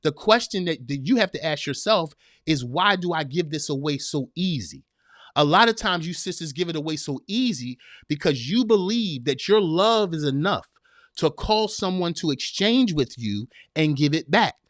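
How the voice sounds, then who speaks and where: A man's voice: a little high, expressive, moderate pace, fairly bright tone, dry recording, clean studio sound. Preachy man giving advice. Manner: preachy, direct, repeats phrases for emphasis. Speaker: podcast host. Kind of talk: live-streamed advice talk.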